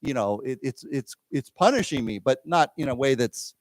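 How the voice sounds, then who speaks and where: A man's voice: mid-range voice, animated, normal speed, no echo. A man teaching an English lesson, explaining words with everyday examples and often checking in with "okay?" and "right?". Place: library lecture room.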